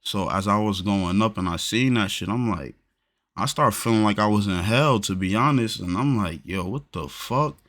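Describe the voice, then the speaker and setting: A man's voice: lowish voice, normal speed, fairly bright tone. A man from New Jersey in casual chat, telling a loose, profane story with lots of slang.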